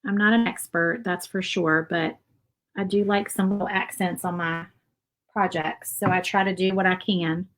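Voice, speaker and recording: A woman hosting a casual painting tutorial. She is chatty and rambles, thinking out loud with fillers and little asides. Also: fairly low pitch, fairly even intonation, normal speed, rough recording. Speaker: craft channel host.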